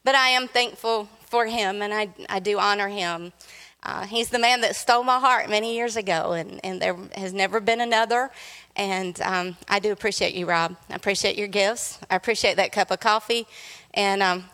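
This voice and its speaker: A woman's voice: mid-range voice, moderate pace, pushed and bright, smooth. A woman preaching to a church congregation, cracking jokes and drawing the crowd in. Her voice carries with a long reverb through the sanctuary. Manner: playful, joking with the congregation. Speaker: guest preacher. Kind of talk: sermon.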